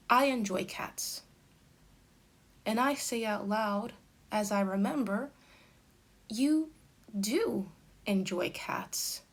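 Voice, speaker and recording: With a mid-range voice, a woman teaches an English grammar lesson slowly, like a patient tutor. She sets out each example sentence with careful, deliberate emphasis.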